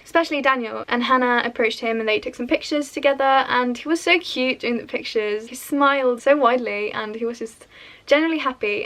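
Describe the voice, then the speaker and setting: A woman's voice: on the high side, fairly bright tone. A young woman from Sweden, a native Swedish speaker, telling a story as a chatty, gushing vlogger. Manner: chatty, gushing, quoting others in quick bursts. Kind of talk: storytelling vlog voice-over.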